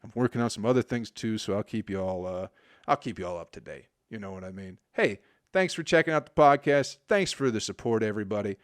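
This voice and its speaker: Brisk and expressive, this lowish-voiced solo podcast host is a Michigan man in his forties. Recorded with clean studio sound and no echo, he delivers a crude, profane, rambling monologue that dissolves into mumbling.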